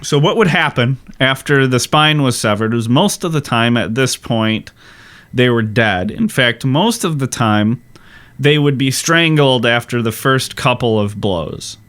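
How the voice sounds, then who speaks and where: A man co-hosting a casual history podcast, explaining things in a slow, deliberate way. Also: mid-range voice, expressive, fairly bright tone. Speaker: podcast co-host.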